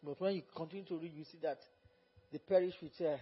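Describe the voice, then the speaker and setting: A man preaching at a Bible study as pastor, fervent and repetitive, rising to loud exhortation. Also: high-pitched, big pitch swings, fast, breathy edge. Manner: fervent, repeats phrases, rises to loud exhortation. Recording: dull lo-fi recording.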